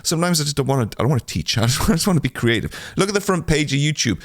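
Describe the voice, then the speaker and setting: A man's voice: fairly high pitch, very animated, rapid-fire, no echo, clean studio sound. A man hosting a solo podcast, chatting casually in a rambling, self-deprecating way with lots of filler sounds. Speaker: podcast host.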